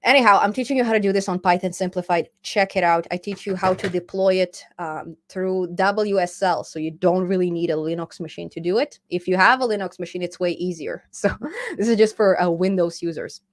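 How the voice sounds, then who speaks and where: A woman hosting a casual live stream about programming. She is chatty and laughs often, reading viewer comments aloud and answering them in an easy, relaxed flow. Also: lowish voice, brisk, slight background noise. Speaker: programming channel host.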